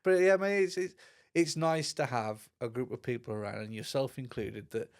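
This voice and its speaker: Gravelly, laid-back podcast host. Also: male voice, medium pitch, normal speed. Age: middle-aged. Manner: laid-back, chummy, often says "mate". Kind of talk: casual chat.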